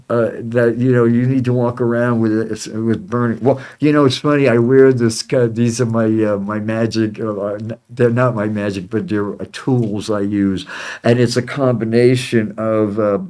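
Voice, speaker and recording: A man hosting his own psychic channel, talking in a rambling, halting monologue full of restarts, with heated, indignant stretches. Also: fairly low pitch, a little mellow, clean tone. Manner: halting, with many restarts and fillers.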